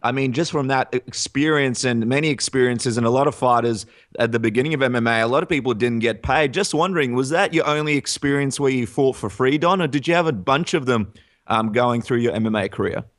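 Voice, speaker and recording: A man's voice: mid-range voice, fairly quick, fairly bright tone. A man hosting a casual interview, upbeat, asking questions and reading fan questions. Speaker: podcast host.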